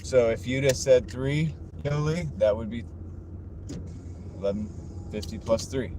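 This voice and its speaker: A man with a medium-pitched, dark voice talks a little slowly as he drives for a delivery app, chatting casually with his live-stream viewers and answering their chat. He wears a wireless clip-on mic in the car, with slight background noise.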